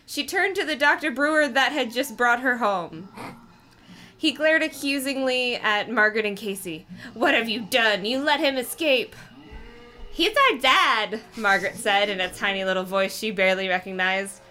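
Una mujer que lee un libro en voz alta en un pódcast de comedia, con voz brillante y algo aguda. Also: female voice, a little high, moderate pace, pushed and bright. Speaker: podcast co-host reading a book aloud. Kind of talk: comedic read-aloud.

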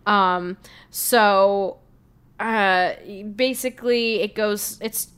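Young adult woman, podcast co-host, casual book recap, dry self-deprecating humor, mid-pitched voice. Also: steady tone, drawn-out words, a bit bright, clean tone. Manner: wry, self-deprecating, laughs often.

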